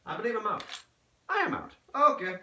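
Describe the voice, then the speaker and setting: Foul-mouthed joking man, lively pitch. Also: fairly quick, very noisy. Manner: crude, profane, joking. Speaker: vlogger. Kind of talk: casual vlog commentary.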